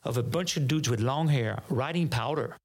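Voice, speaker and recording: A native French speaker from France, this man has a French accent and a medium-pitched voice at a moderate pace. As a podcast guest he tells a story casually and animatedly, acting out both sides of each conversation and often restarting his sentences.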